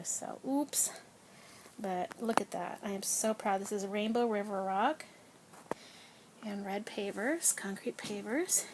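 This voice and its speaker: A woman giving a casual tour of her small backyard greenhouse, chatty and proud, with soft whispered asides. She is a little out of breath. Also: fairly high pitch, a little hiss or hum. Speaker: home gardener giving a tour.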